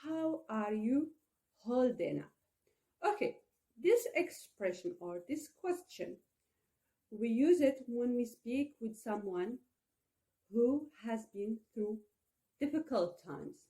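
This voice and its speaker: A young woman with Arabic as her first language, teaching an English lesson slowly and deliberately, often checking in with "okay?". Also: on the high side, expressive, mellow. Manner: slow, deliberate delivery with frequent "okay?" checks.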